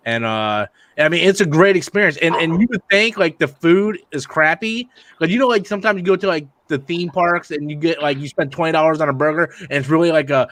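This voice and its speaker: A man's voice: a little high, a little fast, hardly any pauses, a bit bright. A man hosting a casual live-stream discussion, laid-back, with frequent restarts and plenty of swearing. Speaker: channel host.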